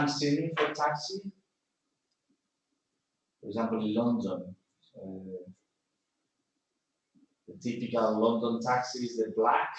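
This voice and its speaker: A man's voice: medium pitch, roomy sound, low-quality recording. A man teaching English grammar in a classroom, correcting sentences patiently with examples. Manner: patient, explains slowly with examples.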